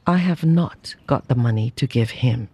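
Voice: mid-range voice, animated, normal speed, a little mellow, slightly rough, pitched below the performer's own voice. A reader playing a frail, grieving mother who speaks in a quavering voice, in a storybook reading. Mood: pleading. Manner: quavering, broken English.

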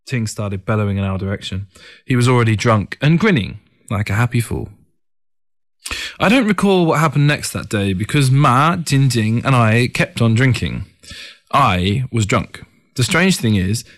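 A man narrating a first-person story in a calm, reflective audiobook reading. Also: mid-range voice, moderate pace.

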